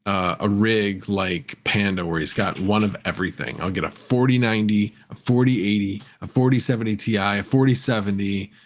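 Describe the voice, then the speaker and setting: A man with a somewhat low voice hosts a casual livestream. He rambles, restarts his sentences and chuckles often as he answers viewers' messages. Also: fairly even intonation, moderate pace, few pauses, slight background noise. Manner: rambling, self-correcting, chuckles often, reads chat aloud. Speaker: livestream host.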